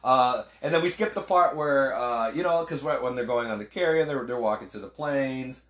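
Animated swearing man in a roomy echo. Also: medium pitch, moderate pace. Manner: animated, swears a lot, acts out film lines. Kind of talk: casual movie discussion.

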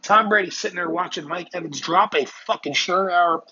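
A man hosting a podcast, delivering a heated, profane solo rant with rapid-fire rhetorical questions. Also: high-pitched. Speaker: podcast host. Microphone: phone. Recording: muffled lo-fi audio with crowd noise behind.

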